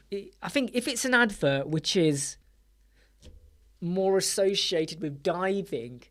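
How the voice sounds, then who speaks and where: A man in his 40s hosts a casual web design livestream chat, rambling, joking, and often cutting himself off mid-thought. His voice is on the high side and a bit bright.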